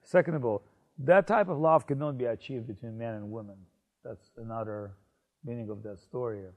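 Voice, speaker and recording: A man telling a story in a casual conversation, animated and full of fillers. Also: medium pitch, moderate pace. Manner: animated, many fillers and restarts, laughs. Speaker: spiritual speaker.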